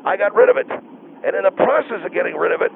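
A man's voice: high voice, lively intonation, fast talker, creaky, noisy background. A man on the phone who needles and teases the host in comic, sarcastic banter. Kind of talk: comedic talk radio banter. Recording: tinny phone line.

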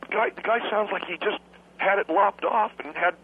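A man's voice: high voice, normal speed, slight background noise. A young adult man calling in to a radio show, cheeky and rambling, stumbling over his words. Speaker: radio caller. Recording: tinny phone line.

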